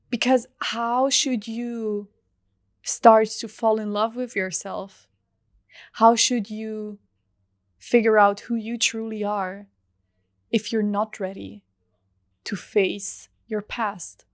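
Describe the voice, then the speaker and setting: Young female podcast host, earnest and unhurried, dry close sound. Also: medium pitch, no echo. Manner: soft, earnest, heartfelt, with drawn-out pauses. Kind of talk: reflective solo podcast monologue.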